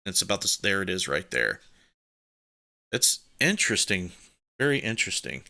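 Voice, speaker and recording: Host: low-pitched man with a bright, forceful tone, talking his viewers through the screen share. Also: big pitch swings, normal speed, creaky. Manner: talks while working the screen share. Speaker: show host. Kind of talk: casual live-stream hosting.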